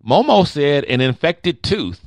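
A man's voice: on the high side, big pitch swings, no room sound, clean studio sound. A man co-hosting a comedy talk podcast, reading listener answers aloud and joking about them. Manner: joking, reads out listener answers with quick reactions. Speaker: podcast co-host. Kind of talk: casual comedic chat.

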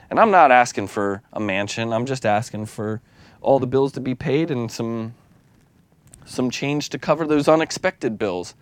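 A man's voice: medium pitch, normal speed, no echo. A man preaching a sermon as a lay leader, speaking candidly and confessionally, with restarts and small laughs.

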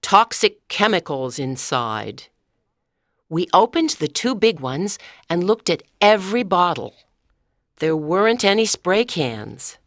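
A woman reading a story aloud as narrator in a clear, measured storytelling manner. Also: on the low side, very animated, no room sound, studio quality.

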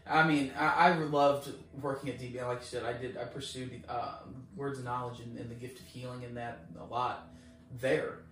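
Animated storyteller man in an echoey room. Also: mid-range voice, normal speed. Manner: acts out both sides of a story with rising excitement. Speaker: guest. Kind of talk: animated storytelling in casual chat. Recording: echoey room, distant mic.

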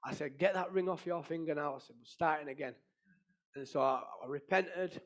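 A man's voice: on the high side, brisk. Earnest man sharing his testimony. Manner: earnest, emotional storytelling with many fillers. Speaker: testimony speaker. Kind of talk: personal testimony.

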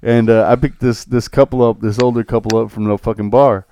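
A man's voice: medium pitch, steady tone, a little fast, mellow, slight background noise. A man hosting a casual podcast, telling crude stories and acting out the voices of people in them. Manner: profane storytelling, acts out riders' voices. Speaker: podcast host. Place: informal podcast recording.

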